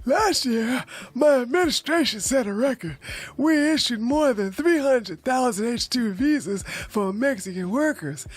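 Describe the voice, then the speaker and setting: A woman's voice: on the high side, expressive, a little slow, slightly rough. A woman putting on a mocking impression of a boastful older male president.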